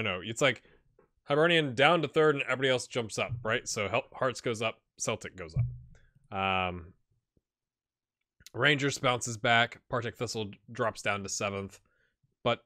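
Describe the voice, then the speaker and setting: Bright-voiced chatty male gaming host. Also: mid-range voice, dry recording, studio quality. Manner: chatty, repeats words as he thinks aloud. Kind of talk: casual video game commentary.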